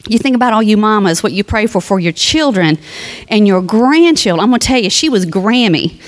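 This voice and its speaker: A woman's voice: medium pitch, expressive, a little fast. A woman speaking at a funeral, giving a heartfelt, conversational eulogy that moves into a sermon and turns to the family directly. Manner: reads scripture aloud.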